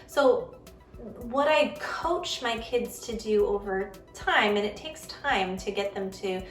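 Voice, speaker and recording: A woman's voice: medium pitch, animated, slow. Earnest thirties woman, parenting host, conversational delivery; echoey room, mic a little distant. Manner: earnest, conversational, acts out quoted kids and parents. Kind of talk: casual advice talk to camera. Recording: echoey room, slightly off-mic, faint music.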